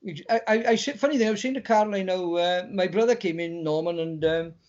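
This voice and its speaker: High-voiced Welshman in rambling chat. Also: fast, darkish tone, lo-fi sound. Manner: rambling, repeats words, stumbling restarts. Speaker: guest. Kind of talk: casual chat.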